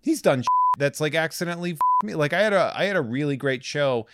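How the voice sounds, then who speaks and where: A man who is a comedian, chatting casually and wryly, often trailing off into quieter asides. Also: a little high, lively intonation, fast, background noise.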